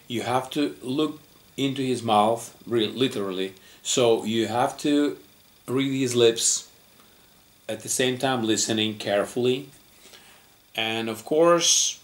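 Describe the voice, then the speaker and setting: A man with a Russian accent, a native Russian speaker, explaining an English lesson patiently, step by step, with frequent pauses. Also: lowish voice. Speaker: English teacher.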